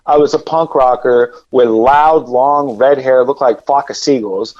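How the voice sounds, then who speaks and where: A man telling a personal story as a podcast guest, rambling and animated, with lots of fillers and repeated words. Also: mid-range voice, unhurried, dull audio. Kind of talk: casual storytelling.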